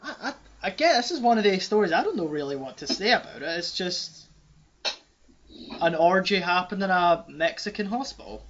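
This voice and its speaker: Rambling podcast host, slightly high. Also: male voice, expressive, moderate pace, a bit bright, a little hiss or hum. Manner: rambling, self-mocking. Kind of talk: casual chat. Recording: dull lo-fi sound.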